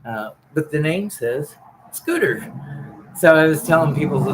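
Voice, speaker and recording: A man speaking slowly and haltingly as a guest, describing things in casual chat. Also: on the high side, animated, very noisy. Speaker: guest on live stream.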